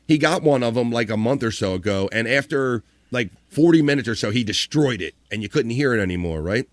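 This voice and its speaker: Relaxed male host, dry close sound. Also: mid-range voice, a little fast, no echo. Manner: rambling, relaxed, recapping with fillers. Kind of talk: casual live-stream chat.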